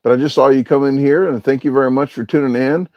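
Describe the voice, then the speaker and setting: A man chats his way through a casual livestream, reading viewer comments aloud and wandering through his answers with plenty of hesitant filler sounds. His voice sits at a mid pitch, recorded close and dry with a slightly dull, lo-fi tone. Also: steady tone, quick pace, no room sound. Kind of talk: casual live-stream chat.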